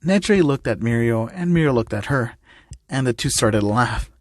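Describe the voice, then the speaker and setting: A man's voice: mid-range voice, animated, moderate pace, dry recording. A man narrating a fan-made comic dub in a plain storytelling manner. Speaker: narrator and voice actor.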